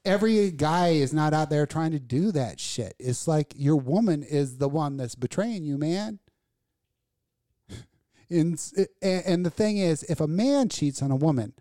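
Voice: mid-range voice, animated, a little slow, mellow. Blunt, profane radio host ranting. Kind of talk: casual chat.

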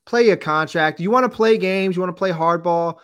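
Middle-aged guy ranting hard on a sports podcast, kinda high voice. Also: fairly quick, a bit bright, clear, resonant tone. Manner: fired-up ranting. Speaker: podcast co-host. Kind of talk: casual sports chat.

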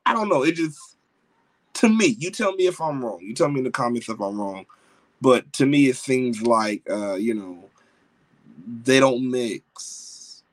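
Over a rough recording with no room sound, a married man speaks in a medium pitch as he hosts a wrestling podcast. The adult host gets excitable and rambles through his casual review, slangy and peppered with fillers and false starts.

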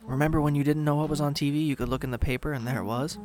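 A man's voice: a little high, fairly even intonation, rapid-fire, music in the background. A man hosting a solo podcast into a studio microphone, casual, rambling and sarcastic. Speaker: podcast host.

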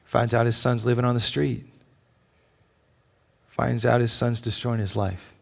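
A man, a father with children, preaching a sermon, telling a personal story with animated ups and downs and dropping to a near whisper at tender moments. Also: medium pitch, a little slow, gravelly, pauses often. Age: adult with children. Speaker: pastor.

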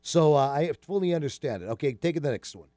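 A man's voice: fairly high pitch, lively intonation, a little fast, warm tone, no room sound. A man hosting a radio show, chatting casually and joking with plenty of fillers. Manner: chatty, jokey, lots of fillers. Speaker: radio host.

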